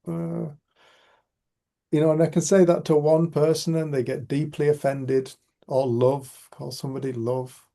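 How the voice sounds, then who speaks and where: The speaker is a middle-aged Northern English man from Cumbria, with a Cumbrian accent, acting as facilitator of an informal video-call group discussion. His slightly high voice is creaky and dark, measured in pace, with little pitch movement. Chatty and teasing, he swears occasionally.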